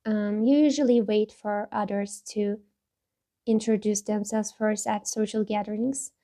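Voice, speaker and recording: Slow, mellow-voiced woman vlogger. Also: mid-range voice, steady tone. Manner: halting and candid, with frequent laughs and restarts. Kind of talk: casual talk while taking a personality test.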